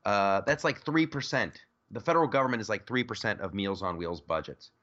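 A man's voice: lowish voice, a little fast, fairly bright tone, dull audio. A man hosting a podcast, talking politics in a joking, rambling way with lots of restarts. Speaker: podcast host. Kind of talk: casual political chat.

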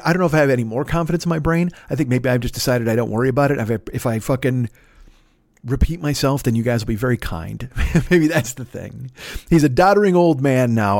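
A man's voice: mid-range voice, a little mellow, no echo, studio quality. A man hosting a solo podcast, talking in a casual, rambling, heavily profane way with frequent stumbling restarts. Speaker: podcast host.

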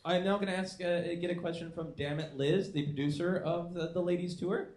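A man hosting a live podcast, talking quickly and teasing the panel with playful jokes, recorded in a roomy space. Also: high-pitched, steady tone, darkish tone. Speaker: host. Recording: roomy live room sound.

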